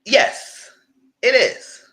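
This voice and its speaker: A man's voice: very slow, poor audio. Outspoken man ranting a TV recap. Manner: animated, outspoken, heavy slang. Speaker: reality TV commentator. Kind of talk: live recap chat.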